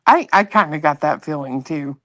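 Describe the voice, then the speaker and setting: A woman co-hosting a casual chat, relaxed and drawling with many likes. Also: deep voice, moderate pace, no room sound.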